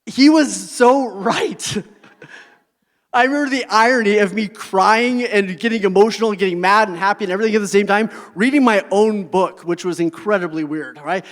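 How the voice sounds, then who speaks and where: A man's voice: high voice, moderate pace, a bit bright. Earnest man speaking in a reverberant hall. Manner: earnest, keeps checking in with the audience; heartfelt personal storytelling. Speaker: motivational speaker. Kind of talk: motivational talk to a live audience.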